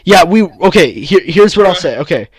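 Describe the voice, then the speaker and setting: A man's voice: high-pitched, sing-song, moderate pace, husky, dry recording, clean studio sound. A man in casual chat, telling a story with a lot of cursing and heat. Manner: profane, heated storytelling.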